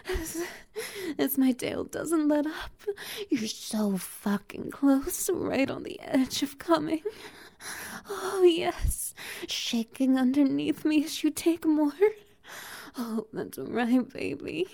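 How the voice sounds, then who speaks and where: A dominant cat-like creature with a tail, as a woman plays her, teasing in a whispered role-play. The voice sits a little high but sounds warm and mellow, with a gravelly fry at the edges. She takes her time, drawing each phrase out slowly with soft laughs. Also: heavily acted. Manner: slow, breathy, teasing, laughs often.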